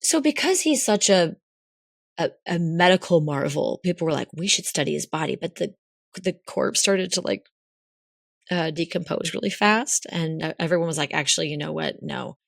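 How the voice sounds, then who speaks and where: A woman co-hosting a podcast, telling a story in a casual, animated way with lots of fillers. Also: sits low, normal speed, creaky, dry recording, clean studio sound. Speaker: podcast co-host.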